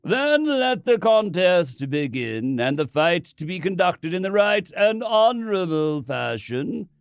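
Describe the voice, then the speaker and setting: A man voicing a middle-aged priest who intones a ritual in slow, ceremonial phrases. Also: sits high, sing-song, clean tone, dry recording, studio quality, pitched above the performer's own voice, exaggerated voice. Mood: solemn, ritual. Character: solemn chanting middle-aged male priest.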